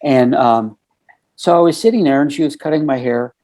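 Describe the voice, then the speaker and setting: A middle-aged man appears as a podcast guest, earnestly telling a casual story in a mellow, mid-range voice at a moderate pace. He walks through conversations step by step, filling gaps with "you know" and "um."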